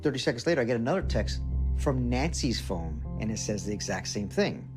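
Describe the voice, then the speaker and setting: A man's voice: mid-range voice, very animated, fairly quick. A man in an interview retelling events vividly, acting out the dialogue. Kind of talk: emotional personal recollection. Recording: music bed under voice. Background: music.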